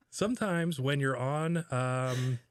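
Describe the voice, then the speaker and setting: A man's voice: medium pitch, lively intonation, very slow, dry recording. A man riffs sarcastically through a comedy podcast chat, full of mock outrage and laughter. His voice sits in a mid range and is recorded close and dry. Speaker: podcast co-host.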